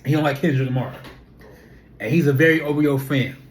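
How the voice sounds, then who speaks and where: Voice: mid-range voice, a little fast. Chatty young vlogger. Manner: animated, chatty, full of rhetorical questions and repeated fillers. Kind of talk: casual talking-to-camera monologue.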